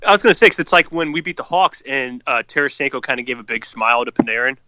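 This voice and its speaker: A man's voice: mid-range voice, expressive, fast, pushed and bright, dry recording, dull audio. A man co-hosting a casual hockey podcast, swearing freely and ranting with strong opinions. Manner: profane, fired-up hockey opinions. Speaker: podcast co-host. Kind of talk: casual sports chat.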